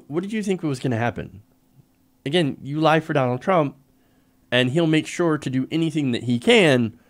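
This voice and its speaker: A man hosting a live political commentary show, speaking sarcastically and emphatically with frequent laughs. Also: on the high side. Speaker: host.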